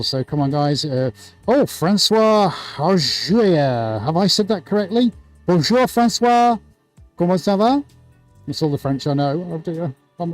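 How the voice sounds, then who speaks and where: Chirpy man hosting a live stream. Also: on the high side. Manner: chirpy, jokey, excitable. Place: art studio. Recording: music playing behind.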